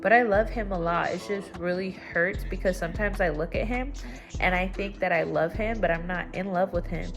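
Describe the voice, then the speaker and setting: A young woman talking at home in a casual confessional vlog, candid and rambling, her voice jumping up when she gets excited. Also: normal speed, over music. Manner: candid and rambling, with sudden excited jumps in pitch. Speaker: vlogger. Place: at home, indoors.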